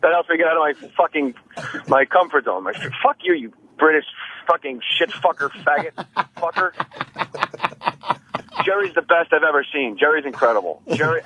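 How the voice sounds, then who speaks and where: A man calling in to a radio show, telling rapid, profane stories and acting out other comedians' lines. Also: a little high, sharp tone, lo-fi sound, a little hiss or hum. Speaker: phone-in comedian guest. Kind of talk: animated phone-in storytelling. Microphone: phone line.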